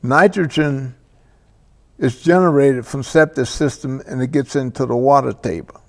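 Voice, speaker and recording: A man hosting a local cable show, talking through local affairs in a slow, deliberate monologue with pauses and restarts. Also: medium pitch, in a large hall. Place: local access TV studio.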